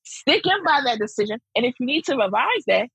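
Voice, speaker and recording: A woman's voice: high-pitched, big pitch swings, a little fast, gravelly, fairly bright tone, breathy edge, no room sound, rough recording. A woman interviewed as a school principal, speaking emphatically and animatedly, repeating key phrases. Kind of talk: interview conversation.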